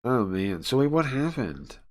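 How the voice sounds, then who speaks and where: A man casually reading a game aloud on a live stream, chatty and laughing often, jumping up in pitch when he voices the characters' lines. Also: very animated, unhurried.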